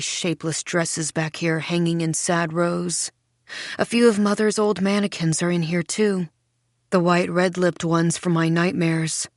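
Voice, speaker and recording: Woman, audiobook narrator, first-person thriller, wry, measured, low voice, dry studio sound. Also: no room sound.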